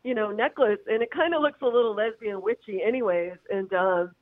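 A woman's voice: mid-range voice, brisk, no echo. A woman comedian calling into an interview, rambling with lots of fillers and frequent laughs. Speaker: comedian guest. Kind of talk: phone-in interview. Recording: tinny phone line.

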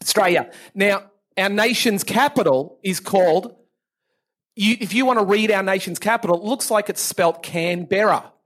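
High-voiced teasing Australian man. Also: moderate pace, a bit bright. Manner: playful, teasing, uses local slang. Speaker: podcast guest. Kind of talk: casual chat.

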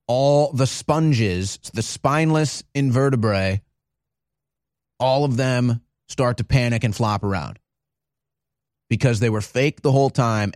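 A man's voice: medium pitch, darkish tone, dry recording, studio quality. A man hosting a live show, giving emphatic, ranting political commentary. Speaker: host.

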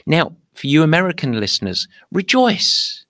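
British male podcast host, gravelly and dry-sounding, playful and theatrical. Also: mid-range voice, animated, normal speed, fairly bright tone, no room sound. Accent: British English. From England. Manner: playful, theatrical, mock-indignant. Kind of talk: upbeat podcast monologue.

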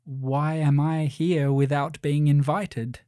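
A man's voice: fairly high pitch, level tone, slow pace, mellow, clear, resonant tone, dry recording, clean studio sound. Brief: wistful young princess in a storybook reading, lifted voice, played by a man. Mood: earnest.

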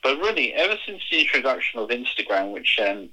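An English man in casual conversation, explaining things in a measured way with plenty of fillers. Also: medium pitch, very animated, bright, forceful tone, husky, low-quality recording. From England. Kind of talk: casual chat.

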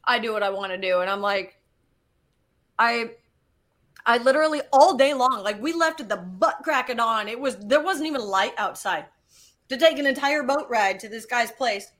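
A woman geologist telling a story in casual conversation, animated and swearing as she acts out what was said. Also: a little high, normal speed. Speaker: guest geologist.

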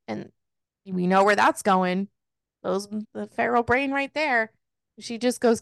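A woman co-hosting a casual book podcast, retelling the plot in an exasperated, swearing rush and acting out the characters' lines. Her voice sits a little high. The sound is dry and close. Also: a little slow, gravelly, no echo. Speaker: podcast co-host. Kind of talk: casual book recap chat.

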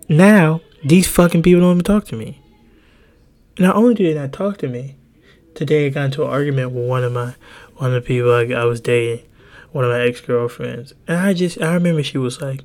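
A young adult man hosting a podcast, ranting casually in a rambling, profane way that jumps between pitches. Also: moderate pace, pauses often, a little mellow. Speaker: podcast host.

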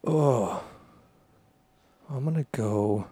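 A man's voice: mid-range voice, drawn-out words, warm tone, husky, no echo. A man co-hosting a podcast who plays along as a quiz contestant, goofy and self-mocking. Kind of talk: casual podcast chat.

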